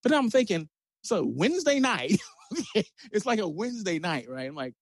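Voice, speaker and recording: A middle-aged man telling a personal story in a casual, animated way, often checking in with "right?" and acting out what people said. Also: high-pitched, normal speed, dry recording. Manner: animated, peppers speech with "right?" and "you know"; acts out quoted lines in a raised voice.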